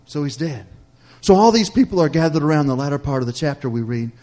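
Male pastor, slightly high voice, emphatic call-and-response sermon delivery. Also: lively intonation, fast. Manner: preacherly, repetitive cadence with call-and-response "Amen?"; swings from loud emphatic lines to soft hushed ones.

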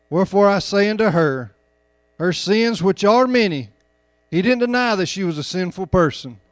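Male preacher, high-pitched, homespun storytelling building to fervent emphasis, dry close recording. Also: smooth, no echo. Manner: folksy storytelling, rising to loud emphatic preaching. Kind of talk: sermon.

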